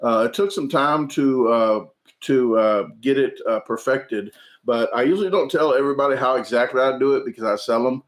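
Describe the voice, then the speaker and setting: Halting, filler-heavy male livestream host. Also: medium pitch. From United States. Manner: halting, many ums and uhs, restarts. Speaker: food channel livestream host. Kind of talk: casual livestream chat reading viewer comments.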